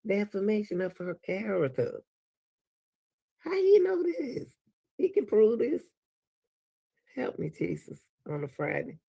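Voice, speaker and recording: A man's voice: high voice, big pitch swings, a little slow, gravelly, long pauses, mellow, slightly rough. A man with a Southern US accent, hosting a reaction video and talking casually to his viewers, laughing and exclaiming in disbelief.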